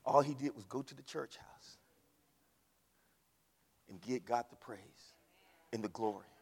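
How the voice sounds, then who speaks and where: A man preaching a sermon, swinging from hushed storytelling to shouted climaxes. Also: medium pitch, measured pace, gravelly, slightly rough. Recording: long reverb of a large hall.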